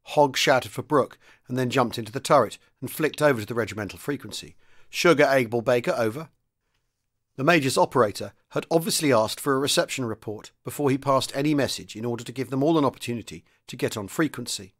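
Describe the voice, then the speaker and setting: A man's voice: mid-range voice, quick pace, hardly any pauses, a bit bright. A man, a podcast host, reading a chapter of a wartime novel aloud, with light voices for the characters. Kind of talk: audiobook-style reading.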